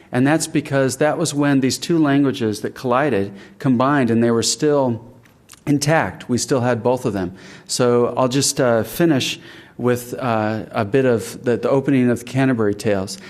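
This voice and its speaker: A man delivers a public talk on literary tradition in a middle-pitched voice. He speaks thoughtfully, stopping and restarting as he works out his ideas, and breaks into old verse recited aloud. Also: darkish tone. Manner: thoughtful, halting with fillers and restarts. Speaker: author giving a talk. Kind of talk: public lecture.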